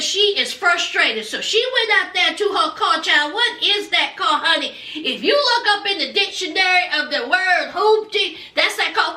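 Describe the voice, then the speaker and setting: A woman's voice: extremely high pitch, pushed and bright, far from the mic. A woman chatting through a TV recap, sassy and gossipy, calling her viewers "honey" and "child.". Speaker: TV recap vlogger. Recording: echoey room, voice off-mic.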